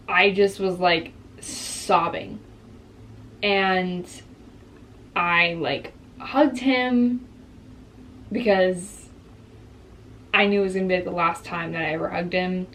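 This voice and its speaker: A woman's voice: lowish voice, fairly even intonation, takes it slowly, pauses often, a bit bright, a little hiss or hum. Candid young woman vlogging. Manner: reflective, earnest, openly emotional. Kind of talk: candid personal storytelling.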